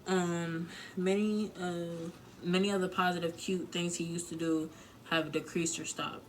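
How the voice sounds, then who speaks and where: A woman's voice: fairly low pitch, level tone, measured pace, slight background noise, low-quality recording. A young woman giving blunt, emotional relationship advice to her viewers in a casual vlog, swearing freely and leaning on filler words. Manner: candid, emotional, profane, heavy filler words. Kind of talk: casual advice talk to camera.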